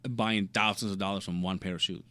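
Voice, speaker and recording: A man in his late thirties chatting casually, telling stories in an animated way and swearing freely. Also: low voice, quick pace, no echo. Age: 30s. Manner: animated storyteller, swears freely, laughs at himself. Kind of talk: casual chat.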